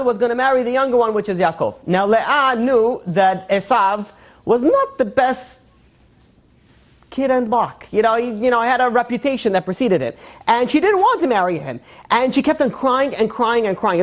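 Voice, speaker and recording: A religious teacher giving a casual Torah lesson, rambling with many fillers and joking asides. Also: medium pitch.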